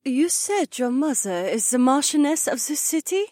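A woman voicing a gentle, caring dragon-kin woman in an audiobook, speaking in a soft, soothing way. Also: high-pitched, sing-song, normal speed, no echo, studio quality. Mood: coaxing. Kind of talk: audiobook character voice.

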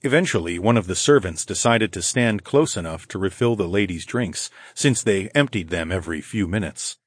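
Male audiobook narrator, low voice, calm first-person storytelling, dry close studio sound. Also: moderate pace, breathy edge, dry recording.

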